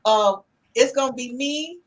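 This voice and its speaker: High-voiced chatty woman podcast host. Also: unhurried, highs cut off. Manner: warm, chatty, calls listeners "honey". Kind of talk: casual podcast talk, reading viewer comments.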